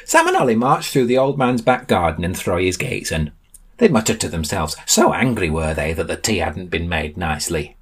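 A man reading a comic story aloud as storyteller, with deadpan narration. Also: low voice, moderate pace, husky.

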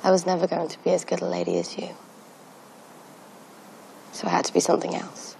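A gravelly young female assassin. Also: lowish voice, sing-song, a little fast, warm tone, a little hiss or hum, full character voice, rough recording. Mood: quiet, blunt. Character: hardened young female assassin, blunt and cool. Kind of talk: TV drama dialogue.

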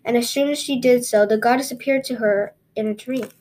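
Woman with a highish voice reading fairy tales. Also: a little fast. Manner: expressive, with small stumbles and restarts. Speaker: podcast host and storyteller.

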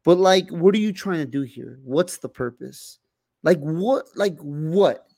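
Gravelly young man in casual chat. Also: fairly high pitch, lively intonation, measured pace, warm tone, no room sound. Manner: loose, heavy swearing, many fillers and restarts. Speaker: podcast co-host.

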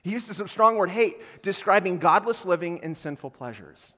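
A man preaching a sermon as a pastor, animated, acting out quoted voices and swinging between quiet and loud passages. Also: high voice, normal speed, in a large hall. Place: church auditorium.

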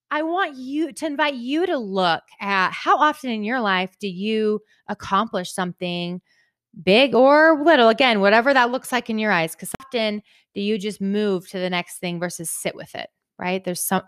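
A woman's voice: mid-range voice, no room sound, clean studio sound. A young adult woman hosting her own podcast, talking in a casual, upbeat monologue and often tagging sentences with "right?". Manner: chatty, upbeat, frequent "right?" tags. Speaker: podcast host.

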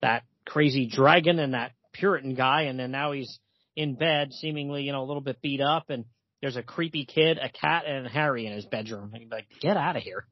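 Husky man chatting about comics. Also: medium pitch, brisk, dry recording, lo-fi sound. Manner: reads comic dialogue aloud with laughs. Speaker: podcast co-host. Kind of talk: casual comic book discussion.

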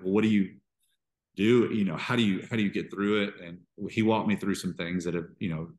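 Deep-voiced pastor telling his story haltingly. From Georgia. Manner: halting, restarts often, emotional storytelling. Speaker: pastor, podcast guest. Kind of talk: candid interview conversation.

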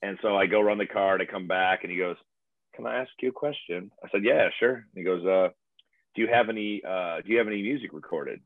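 A man's voice: low-pitched, quick pace, dry recording. A man telling stories in a casual chat. He talks in a laid-back way, swears freely and laughs often, and he plays music and tends bar. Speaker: musician and bartender. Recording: tinny phone-like, dry sound.

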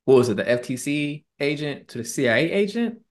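This man, co-hosting a relaxed podcast, animatedly recounts a story and does voices for the people he quotes. His voice is a little high and his pace fairly quick.

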